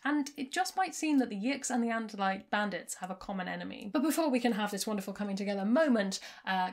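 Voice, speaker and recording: Brief: a mid-pitched woman, chatty and amused, recapping a book for her channel. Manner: chatty, amused, laughs at the plot. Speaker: book review channel host. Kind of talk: casual book recap vlog.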